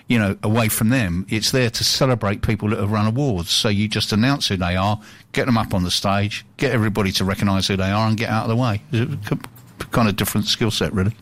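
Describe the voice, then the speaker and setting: A man with a fairly low voice co-hosts a casual radio chat, joking and telling stories with frequent laughs. His voice is close and dry on the studio mic. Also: no echo. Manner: jokey storyteller, laughs often. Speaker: radio co-host.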